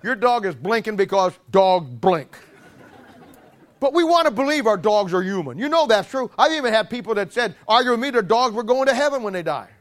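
A man preaching a sermon in an animated, humorous way, stammering restarts and acting out little scenes. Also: high voice, a little fast.

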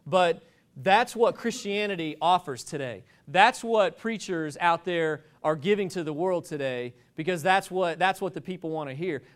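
A man's voice: a little high, moderate pace. A man preaching a sermon, telling stories in a rambling, joking way with many restarts.

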